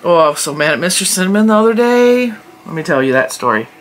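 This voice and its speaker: A crochet channel vlogger chats casually at her desk in a fairly low voice with big pitch swings and a quick pace. She rambles and laughs often, sounding stuffy from allergies, with slight background noise behind her.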